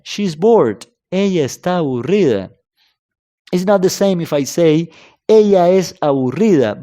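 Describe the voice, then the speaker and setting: Animated man teaching a language lesson. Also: on the high side. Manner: repeats examples slowly, checks in with "okay?" and "right?". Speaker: Spanish teacher.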